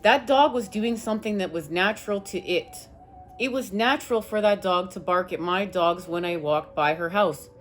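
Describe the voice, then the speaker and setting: A woman's voice: medium pitch, moderate pace, slight background noise. A woman tarot reader telling viewers a personal story in an emphatic, rambling way, swearing now and then. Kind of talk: casual spiritual talk to viewers.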